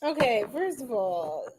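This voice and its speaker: A woman's voice: on the high side, a little mellow, a little hiss or hum. A woman giving a casual live-stream tarot reading, bubbly and slangy, laughing often and chatting with her viewers. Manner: bubbly, giggly, slangy, talks to chat. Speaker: tarot reader.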